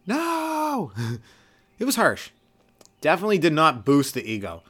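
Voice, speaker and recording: A young man from Canada hosting a solo comedy podcast, rambling loosely, swearing freely and acting out quick little voices for the people in his stories. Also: fairly high pitch, big pitch swings, fairly bright tone. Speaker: podcast host, stand-up comedian.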